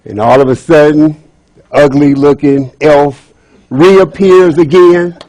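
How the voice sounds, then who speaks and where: Man tells folk tale at club meeting, lively, kinda high voice, dry. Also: slow pace, dry recording, rough recording. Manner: lively, chatty storyteller with asides to the audience. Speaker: speaker at a speaking club. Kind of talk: storytelling speech.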